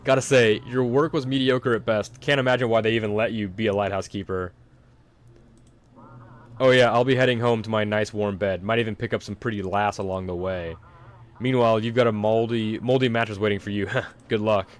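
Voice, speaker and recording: A man's voice: on the low side, fairly even intonation, a little fast, close to an everyday voice. A man voicing a smug, bossy male harbor chief who lectures and mocks over the radio. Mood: mocking. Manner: mocking, lecturing.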